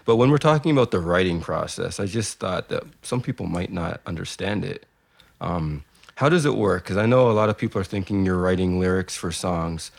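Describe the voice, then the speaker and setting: A man hosting a podcast in a casual interview, asking relaxed, multi-part questions. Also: sits low, brisk, vocal fry. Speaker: podcast host.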